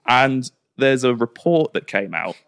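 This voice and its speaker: A man's voice: medium pitch, unhurried. A young man guesting on a podcast, telling stories animatedly and acting out quotes. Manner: animated storyteller who acts out quotes. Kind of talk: casual chat.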